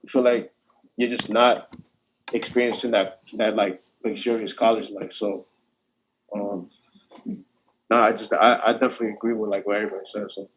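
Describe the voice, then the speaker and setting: A young man on a video call, talking as a student panelist in a casual discussion. His voice sits fairly low. He circles his points with restarts and fillers. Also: fairly even intonation, moderate pace, long pauses, fairly bright tone, breathy edge, highs cut off. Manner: hesitant, many restarts and fillers.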